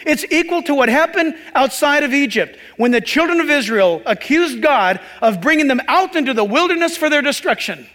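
Male pastor, very high voice, chatty sermon, long hall reverb. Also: expressive, a little fast, few pauses, bright, forceful tone. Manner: conversational, joking asides to the congregation.

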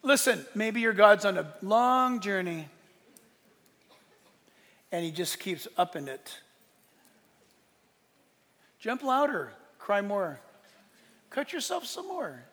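A preacher giving voice to a fearless prophet of old, a man who taunts and dares his rivals. The voice sits high, bright and gravelly. It rings out with a long hall echo. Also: big pitch swings, takes it slowly, long pauses, full character voice. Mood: mocking. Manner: mocking, taunting. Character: bold fearless male prophet, mocking and defiant.

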